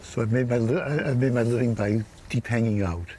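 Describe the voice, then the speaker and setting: A man's voice: mid-range voice, brisk, dark tone, slight background noise. An older man telling stories in a weak, unsteady voice that often stutters and repeats words, his speech affected by Parkinson's. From United States. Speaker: author and publisher. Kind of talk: personal storytelling to camera.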